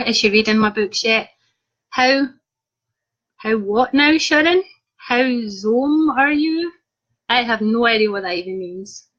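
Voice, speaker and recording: Cheeky chatty woman, bright voice. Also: mid-range voice. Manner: cheeky, chatty, self-mocking. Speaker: author. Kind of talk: live video chat reading out viewer comments. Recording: dull lo-fi live stream audio.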